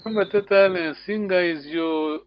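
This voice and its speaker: A man's voice: sits high, fairly quick, no echo, muffled recording. A man teaching a language class online, encouraging students and repeating words often.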